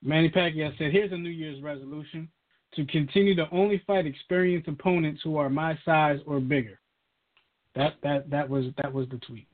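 A man co-hosts a sports talk show in a relaxed, joking way. His voice sits a little high. The sound is thin and tinny, like it comes over a phone line. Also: normal speed. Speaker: podcast co-host. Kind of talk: casual sports talk banter.

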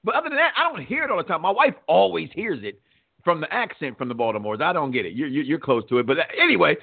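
A man hosts a sports talk show in a lively, swooping voice with a gravelly edge. He rambles and stumbles over repeated words. The sound is thin and tinny, like a phone line. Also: a little high, quick pace. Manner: animated, rambling, repeats words when thinking. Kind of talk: casual sports radio talk. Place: radio studio.

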